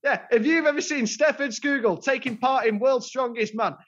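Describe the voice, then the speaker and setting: A man's voice: extremely high pitch, moderate pace, fairly bright tone, muffled recording. A man co-hosting a podcast, full of jokey, teasing banter. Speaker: podcast co-host. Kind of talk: casual chat.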